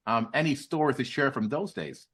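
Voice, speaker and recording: A man's voice: medium pitch, normal speed, a bit bright, slightly rough. A man hosting a podcast interview, asking long rambling questions full of restarts and fillers. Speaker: podcast host. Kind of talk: interview questions, casual chat.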